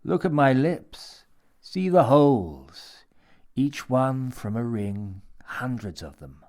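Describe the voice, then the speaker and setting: A man's voice: medium pitch, lively intonation, slow, darkish tone, voice pushed up. A man doing a coaxing, menacing mad old man. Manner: smooth, coaxing, lecturing.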